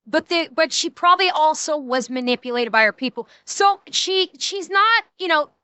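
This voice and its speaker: Woman streamer, sarcastic reactor, high and bright, dry close mic. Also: lively intonation, moderate pace, no room sound. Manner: chatty, sarcastic, talks straight to chat. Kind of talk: casual live-stream commentary.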